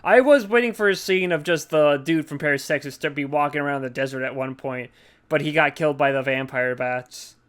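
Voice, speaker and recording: A man's voice: on the high side, fairly quick, clean tone. A man co-hosting a casual movie podcast, swearing often and mocking characters in put-on voices. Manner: profane, animated, acts out characters in mocking voices. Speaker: podcast co-host.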